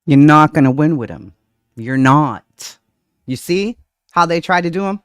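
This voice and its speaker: A man's voice: fairly high pitch, animated, measured pace, clean tone, no echo, studio quality. A man hosting his own channel, casually commenting on news footage in an amused, mocking way.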